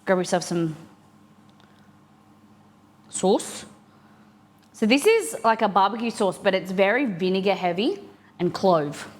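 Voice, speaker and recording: A woman's voice: medium pitch, animated, measured pace, pauses often. A young woman chatting casually with viewers on a live stream while eating, reading chat aloud and answering.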